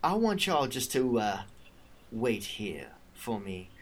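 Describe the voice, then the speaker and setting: A scheming baroness in a tabletop game, sweet-talking and sinister, as a man puts her on. She drawls her threats gently and calls her captive honey. The voice sits low and soft. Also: very animated, takes it slowly. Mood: sly.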